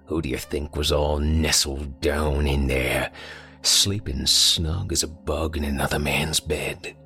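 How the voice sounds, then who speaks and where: A man's voice: rumbling low, steady tone, takes it slowly, gravelly, pushed and bright, faint music behind, full character voice. A man voicing a dying older man with folksy rural grammar, telling his haunted story in a pained, gasping way. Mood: bitter.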